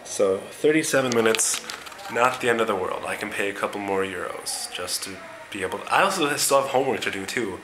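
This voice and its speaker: A young man with a lowish, expressive voice talks fairly quickly and casually in a rambling video diary as an exchange student vlogger. The room is echoey, with faint noise in the background.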